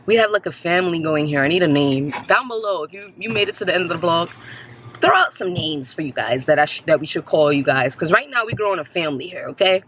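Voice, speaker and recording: A woman vlogging her family outing in a chatty, blunt, casual way, a little hoarse from screaming. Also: lowish voice, fast, a little hiss or hum. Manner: chatty, blunt, excitable coaching. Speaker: vlogger, mother. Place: outdoor skating rink, then car. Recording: music playing behind. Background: loud music.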